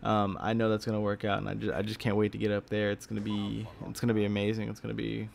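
Tired young man rambling, gravelly low voice. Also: completely flat delivery, quick pace. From Texas. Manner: rambling, many fillers and restarts, casual swearing. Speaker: gaming YouTuber. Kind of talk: rambling casual vlog talk. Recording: faint background noise.

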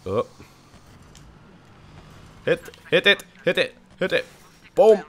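Male game host, excitable, yells then mutters, bright voice. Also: sits high, slow. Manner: excitable, swings from muttering to yelling. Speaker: gaming channel host. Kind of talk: co-op gameplay commentary.

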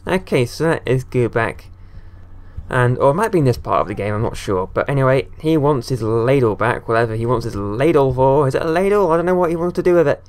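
A man's voice: mid-range voice, brisk, a little mellow. A man giving casual, rambling commentary as he plays a video game, often talking straight to the characters on screen. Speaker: gaming video creator. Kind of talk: casual let's-play commentary.

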